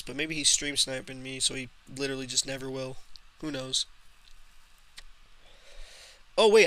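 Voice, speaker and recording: A man's voice: medium pitch, sharp tone. A young man casually commenting on his own gameplay for a live stream, often frustrated and swearing at the game. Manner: frustrated, swearing, talks to himself and chat.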